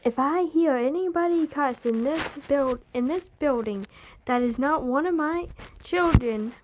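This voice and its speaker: A woman plays a foul-mouthed father of a big brood in a spoken fan story. He is blunt and profane, with a high voice and slow, drawn-out delivery. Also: a little mellow, a little hiss or hum. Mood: threatening. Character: gruff cussing father of many kids.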